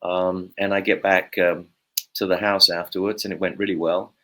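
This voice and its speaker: A man with a lowish voice tells a long, meandering anecdote, full of "uh" and "um". He speaks in a relaxed, conversational way as an interview guest. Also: normal speed. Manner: rambling storyteller, many fillers. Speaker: guest bassist.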